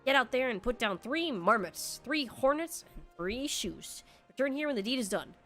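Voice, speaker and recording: A woman voicing a gruff male guildmaster as she reads game dialogue aloud on a stream, pushing her voice down to sound rougher. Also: on the high side, expressive, normal speed, a bit bright, soft background music. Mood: instructive. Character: gruff male guildmaster, brusque then welcoming.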